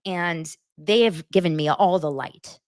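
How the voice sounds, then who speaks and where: A woman hosting a casual commentary show, talking in an animated, rambling way full of asides and the odd swear word. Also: fairly low pitch, measured pace, no room sound, clean studio sound. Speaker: host.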